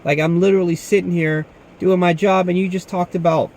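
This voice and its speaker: A man's voice: sits high, little pitch movement, brisk, a little mellow, slight background noise. A young man working as a security guard, talking casually to camera and acting out the people he quotes. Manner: laid-back, says "man" often, tells stories with quoted dialogue.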